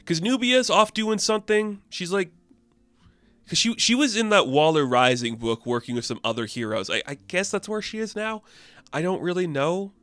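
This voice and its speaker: Excited guy recapping a comic, rambly, lots of fillers, dry close sound. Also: sits high, moderate pace, no echo. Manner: enthusiastic, rambling, many fillers. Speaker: comic book reviewer.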